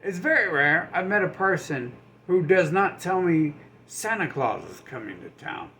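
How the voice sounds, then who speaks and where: A man on a rambling, mocking rant, swearing freely. His voice sits a bit high, and a faint hiss of background noise runs under the recording. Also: sing-song, normal speed, pushed and bright. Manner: sarcastic, mocking, puts on voices of others; profane, rambling. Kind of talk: ranting monologue.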